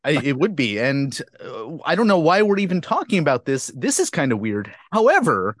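A man's voice: a little high, huge pitch swings, moderate pace, a bit bright, no room sound, studio quality. A man hosting a marketing podcast, chatty and self-deprecating as he interviews a guest. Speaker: podcast host. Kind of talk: casual interview chat.

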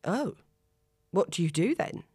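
A woman doing a warm, flustered young hostess. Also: lowish voice, very animated, measured pace, slightly rough, no room sound, clean studio sound, full character voice. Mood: polite.

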